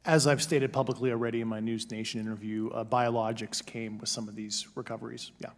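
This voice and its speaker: A man giving formal testimony in a hearing room and answering questions matter-of-factly. He talks quickly, at an even, mid-range pitch. The archive recording has a long, roomy echo. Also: creaky. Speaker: witness at a hearing.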